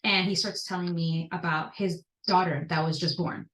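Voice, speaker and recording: A woman in her thirties telling personal stories as a podcast guest, animated and jumping up in pitch when she stresses a point. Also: moderate pace. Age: 30s. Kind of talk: personal storytelling in conversation. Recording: echoey room.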